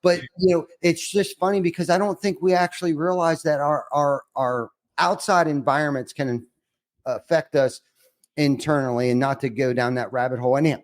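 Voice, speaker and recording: A man's voice: a little high, fairly even intonation, normal speed. A middle-aged man hosting a podcast, talking earnestly and reflectively with lots of restarts before asking his next question. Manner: rambling, earnest, many restarts. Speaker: podcast host. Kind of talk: reflective interview conversation.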